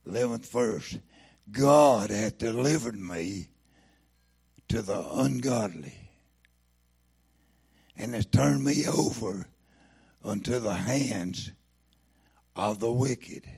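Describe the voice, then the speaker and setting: Man, preacher, unhurried, gravelly, slightly husky, fervent interjections. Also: fairly low pitch, animated, darkish tone. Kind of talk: sermon.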